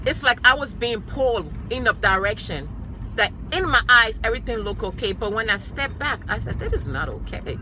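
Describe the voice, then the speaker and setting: A woman's voice: a little high, animated, moderate pace, sharp tone, a little hiss or hum. A woman sharing her personal testimony with emphatic, repeated declarations, speaking of her faith and her sons. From New York.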